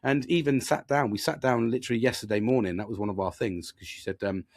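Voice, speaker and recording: Guy in his 40s or so, gravelly voice, swears a lot, rambles on about himself. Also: mid-range voice, steady tone, fast talker. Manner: sweary, rambling, self-deprecating. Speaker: podcast host. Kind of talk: candid casual monologue.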